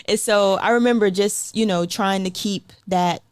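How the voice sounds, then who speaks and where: A young woman tells her story to interview hosts in an easy, animated way, voicing other people as she goes. Her voice sits at a middle pitch. It is recorded close and dry, with no room sound. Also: a little slow, clean tone, no room sound. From South Carolina, USA. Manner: chatty, animated, acts out quotes, frequent "like" and light laughs. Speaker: guest sprinter.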